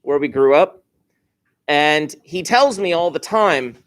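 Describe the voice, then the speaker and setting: Middle-aged male teacher, rambling and upbeat, somewhat high-pitched, lecturing a class. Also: animated, takes it slowly, a bit bright. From New Jersey. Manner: chatty, enthusiastic, wandering asides. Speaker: high school math teacher.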